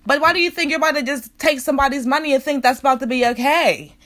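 A woman's voice: sits high, fast talker, fairly bright tone. A young woman telling an angry, profane storytime rant about a bad salon visit. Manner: profane, heated, repetitive rant.

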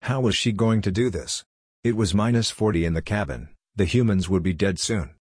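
A man narrating a science fiction story in a steady, plain reading voice. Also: lowish voice, normal speed, slightly rough, no echo, clean studio sound. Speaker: audiobook narrator. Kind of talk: scripted narration.

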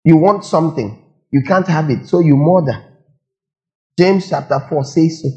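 A man's voice: a little high, normal speed, mellow, highs cut off. A man preaching a sermon, firing rhetorical questions and repeating lines for emphasis. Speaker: pastor.

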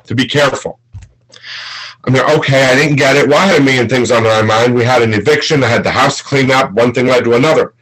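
An older man telling a personal story over a video call, halting and measured, with many pauses. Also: mid-range voice, fairly bright tone, breathy edge, poor audio. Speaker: guest. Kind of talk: casual storytelling.

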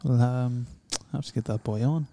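A man's voice: medium pitch, a little fast, warm tone. A young man, co-hosting a casual chat in a blunt, teasing and sweary way. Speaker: podcast co-host. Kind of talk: casual banter.

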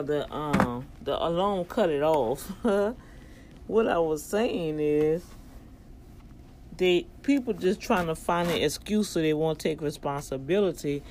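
A woman's voice: low-pitched, takes it slowly, darkish tone, slight background noise. A woman with a New Orleans accent talking to her viewers in a casual, preachy monologue, full of emphatic rhetorical questions. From New Orleans, US South. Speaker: vlogger addressing her online family.

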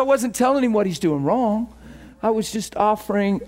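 A man's voice sits high as he preaches at a moderate pace, with a little hiss or hum in the recording. This pastor tells a personal story animatedly, laughing frequently and doing voices for the people he quotes.

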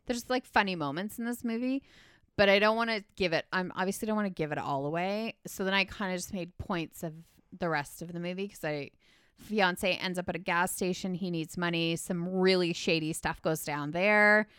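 A woman's voice: fairly low pitch, moderate pace, fairly bright tone, clean tone, no room sound, clean studio sound. A woman recapping a movie in casual chat, rambling and full of filler words.

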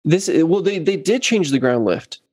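A man in casual chat, telling a long story about a gig and acting out what others said in lively quoted voices. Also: a little high, moderate pace, crowd noise. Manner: animated, acts out quotes of others. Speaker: bass player telling a story.

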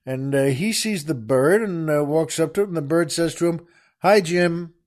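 A man's voice: a little high, moderate pace, a little mellow. A man hosting a podcast, casually telling a joke and chuckling as he rambles along with many fillers. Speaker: podcast host.

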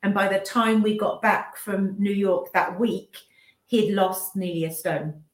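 A woman's voice: medium pitch, unhurried. A woman in her fifties giving a candid, emotional personal account in an interview, often restarting her sentences and acting out what others said. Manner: emotional, restarts sentences, acts out remembered speech. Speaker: business owner and mother, interview guest. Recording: roomy echo.

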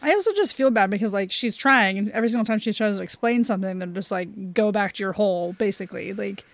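A woman's voice: mid-range voice, lively intonation, fast talker, no echo. A woman co-hosting a podcast, chatting casually about movies with lots of "like" and easy laughter. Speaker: podcast co-host.

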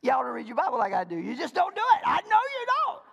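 A man preaching a sermon as pastor, swinging between shouted highs and hushed lows, with playful jokes to the congregation. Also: fast talker, gravelly, in a large hall, dull audio. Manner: animated preaching, swinging from high shouts to low murmurs; playful, joking asides to the congregation.

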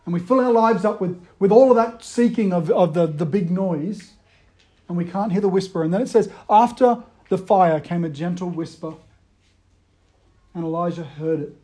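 A man delivers a sermon in a conversational way. His voice sits high but sounds mellow and soft-edged. He swings between emphatic bursts and quiet, hushed retellings. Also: fairly quick. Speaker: preacher.

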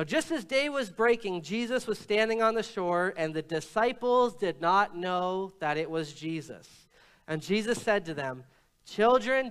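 A male pastor preaching a sermon, reading scripture and retelling it with lively shifts in voice and pace. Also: clear, resonant tone. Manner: storytelling preacher, quotes scripture and acts out lines with shifts in pitch and pace. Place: church.

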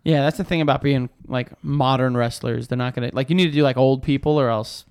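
A young man with an average-pitched voice chats on a podcast in a loose, rambling way. He swears freely and keeps his stories casual and unhurried. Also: steady tone, a little mellow, smooth. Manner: laid-back, rambling, swears often. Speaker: podcast co-host. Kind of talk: casual chat.

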